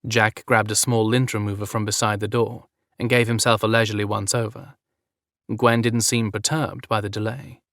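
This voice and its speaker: A man reading a romance story aloud as narrator in an even, measured way. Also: lowish voice, no echo, clean studio sound.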